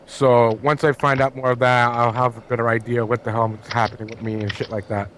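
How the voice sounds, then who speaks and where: A man's voice: medium pitch, level tone, fairly quick, fairly bright tone. A man co-hosting a casual online show, talking bluntly and cursing a lot over a voice call. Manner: blunt, profane. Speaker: co-host.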